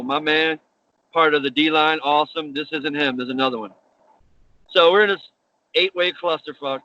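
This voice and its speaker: A man's voice: a little high, sharp tone, lo-fi sound. A man, a pro wrestler, being interviewed, telling stories casually and animatedly with laughs and casual swearing.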